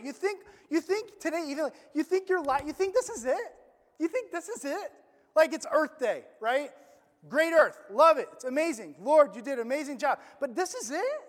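A high-pitched pastor delivers a sermon in a casual, conversational style, dropping slang and putting questions to the crowd. He shifts between loud emphasis and near-murmurs, with the long echo of a large hall around him.

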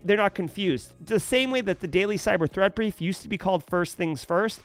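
High-voiced Boston man livestreaming. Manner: conversational, many fillers, reads chat aloud. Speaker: host of a daily cybersecurity livestream. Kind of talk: casual livestream chat.

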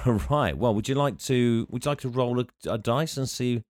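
A man's voice: medium pitch, moderate pace, a little mellow, no room sound, clean studio sound. A man co-hosting a comedy podcast, amused and easygoing, reading passages aloud. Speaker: podcast co-host.

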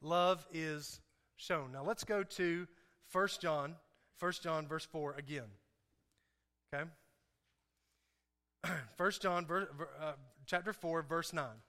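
A man's voice: fairly high pitch, takes it slowly, long pauses. A man giving a casual, joking sermon, often repeating himself and asking the congregation questions. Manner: animated, joking, repeats words and asks the crowd questions. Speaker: preacher. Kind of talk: conversational sermon. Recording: reverberant hall.

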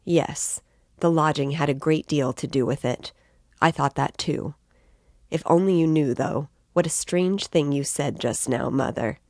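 A woman reading the part of a brooding, bitter young man in a storybook reading, slow and low in his scornful thoughts. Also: a little mellow, no echo, studio quality. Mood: listless.

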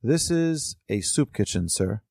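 A man voicing a calm, patient male benefactor who speaks kindly. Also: fairly low pitch, measured pace, creaky, no room sound, clean studio sound, heavily acted.

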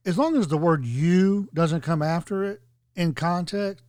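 A fairly high-voiced man chats loosely and jokingly, wandering from point to point. The sound is dry and close, with no room around it. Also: measured pace, a little mellow, no echo. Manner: rambling, jokey, digressive storytelling. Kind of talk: casual podcast chat.

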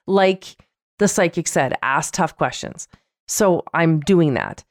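Woman podcast co-host, low voice, dry sound, chatty and frank. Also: slow pace, no echo. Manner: candid, animated storytelling with quoted voices. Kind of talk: casual chat.

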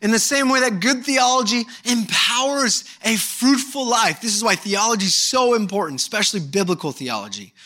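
A middle-aged male pastor preaching a sermon, candid and animated, breaking into mock voices and shouted bursts. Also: sits high, moderate pace, few pauses.

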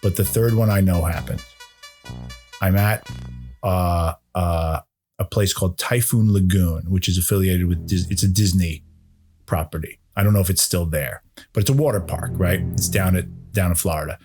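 A man's voice: low-pitched, normal speed, darkish tone, soft background music. A man on a podcast telling a rambling, self-deprecating story, full of cursing and restarts. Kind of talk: casual comedic storytelling.

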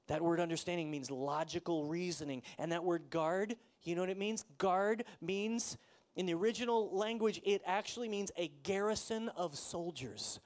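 A pastor preaching a sermon in a conversational way, asking the congregation questions and acting out the people in the story. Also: male voice, high-pitched. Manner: conversational preaching, asks the audience questions, acts out quotes.

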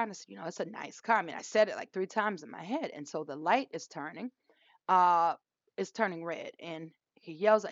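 A woman's voice: lowish voice, no room sound. A woman in her forties co-hosting a podcast, telling a story with laughter and acting out both sides of the dialogue. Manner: animated, laughs while telling stories, acts out dialogue. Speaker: podcast co-host. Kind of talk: casual storytelling chat. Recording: dull lo-fi dry sound.

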